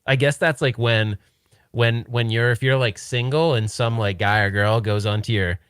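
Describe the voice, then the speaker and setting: A man's voice: medium pitch, steady tone, normal speed, a bit bright, clear, resonant tone, no echo, clean studio sound. A man co-hosting a casual livestream about retro arcade gear, rambling with lots of restarts and laughs.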